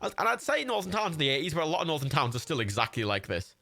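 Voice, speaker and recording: A man chatting his way through a game on a livestream. He is self-mocking and swears freely. His voice jumps up and down with a bright, sharp tone. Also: fairly high pitch, sing-song, very fast, vocal fry. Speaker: streamer. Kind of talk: casual livestream gaming commentary.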